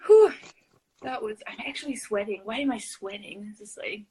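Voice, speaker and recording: A young woman hosting a casual phone livestream from her room at home, chatty and animated, often laughing. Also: normal speed, breathy edge, low-quality recording. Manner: giggly, animated, talks to her cat in a high voice. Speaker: livestream host.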